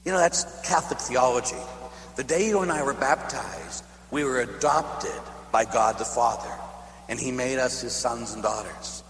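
Animated priest preaching in an echoey hall. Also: male voice, mid-range voice, moderate pace. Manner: animated storytelling, acting out dialogue. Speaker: Catholic priest. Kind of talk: sermon with personal story. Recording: echoey hall, faint hum.

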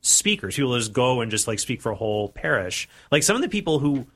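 A man's voice: medium pitch, sing-song, fast talker, fairly bright tone. A man in his forties co-hosting a radio talk show, chatty and joking, with many restarts. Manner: talkative, restarts and jokes. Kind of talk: casual radio chat.

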